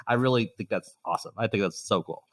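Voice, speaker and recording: A man's voice: lowish voice, fast, fairly bright tone, far from the mic. A man co-hosting a podcast about music albums, chatting casually with many fillers and frequent laughs. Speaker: podcast co-host. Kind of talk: casual chat.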